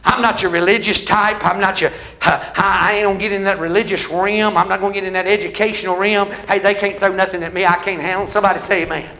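High, bright preacher man shouting. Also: steady tone, fast talker, creaky, few pauses. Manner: call-and-response, rising into shouts. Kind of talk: sermon.

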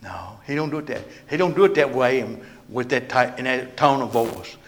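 A man preaching a sermon in a church, moving between loud proclaiming and hushed, almost whispered passages. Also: medium pitch, normal speed, a little hiss or hum.

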